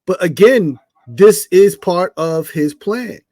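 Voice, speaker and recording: A man's voice: high voice, animated, takes it slowly, mellow, dry recording, studio quality. A man co-hosting a podcast in casual chat, emphatic and slangy. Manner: emphatic, slangy, repeats 'listen' and 'bro'. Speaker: podcast co-host.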